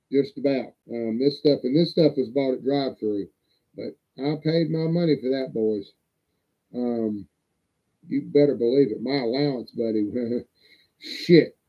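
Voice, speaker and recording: A man with a fairly high voice, rambling and swearing in a folksy way as he hosts a livestream. His audio sounds dull and lo-fi. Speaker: livestream host. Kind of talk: casual livestream show-and-tell.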